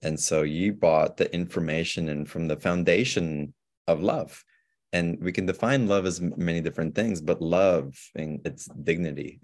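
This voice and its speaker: A man, a podcast guest, speaking about spirituality in a calm, measured, reflective way. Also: a bass voice, vocal fry.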